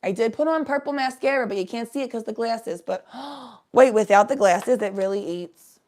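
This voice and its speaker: A woman's voice: fairly high pitch, moderate pace, darkish tone. A woman chatting casually on a live stream, giving a tarot reading in a rambling, swearing way.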